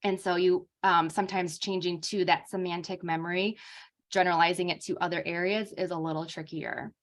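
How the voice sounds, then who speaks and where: A woman's voice: lowish voice, fairly even intonation, a little fast. Casual woman giving an informal lecture. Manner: casual, uses many fillers like um and like. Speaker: speech therapist presenter.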